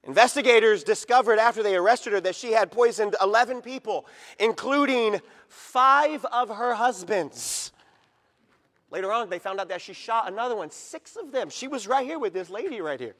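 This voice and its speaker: A middle-aged male pastor preaching a sermon in a church, emphatic and rising to loud peaks as he reads scripture. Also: high voice, expressive, moderate pace, big-room sound. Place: church sanctuary.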